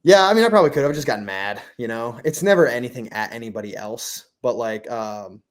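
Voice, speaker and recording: A young man chatting casually as a podcast guest, telling stories fast and slipping into mimicked quotes. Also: medium pitch, expressive. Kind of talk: casual chat.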